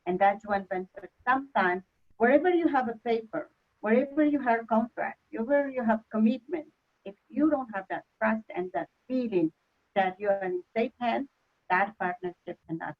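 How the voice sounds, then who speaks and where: A woman co-hosts a webinar in plain, English. Her voice sits a little high. The sound is dull and lo-fi, as over a video call. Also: moderate pace. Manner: non-native English with simple grammar. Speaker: webinar co-host. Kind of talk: casual webinar talk.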